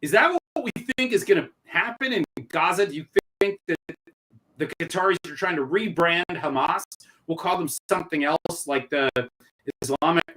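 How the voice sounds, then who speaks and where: A man's voice: on the high side, moderate pace, bright, forceful tone, low-quality recording. A man hosting a policy podcast, asking questions in a wry, sardonic way. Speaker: host. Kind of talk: conversational podcast interview.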